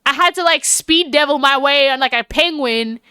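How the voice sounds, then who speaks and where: Australian woman, livestreamer, high clear tone, bubbly and rambling. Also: sharp tone, no room sound. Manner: chatty and giggly, talks to chat and calls herself by name; fast, rambling talk with many fillers. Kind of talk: casual chat with viewers.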